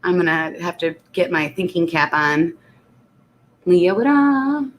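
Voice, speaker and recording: A woman's voice: low-pitched, level tone, normal speed, a bit bright, slight background noise. Chatty woman reading live chat. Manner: chatty, laughs often, reads comments aloud. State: congested. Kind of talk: casual live-stream chat.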